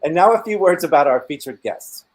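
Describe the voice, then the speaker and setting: A man's voice: fairly high pitch, a little fast, low-quality recording. A man hosting a bookstore's online author event, reading announcements and guest introductions in a formal, scripted way. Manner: reads announcements and guest bios in an even, formal way.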